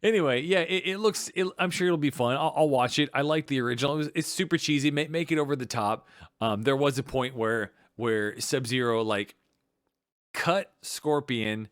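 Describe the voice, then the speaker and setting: A man co-hosting a casual podcast chat, rambling with many restarts and bursts of excitement. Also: medium pitch, normal speed, clean tone, no echo, studio quality. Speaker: podcast co-host.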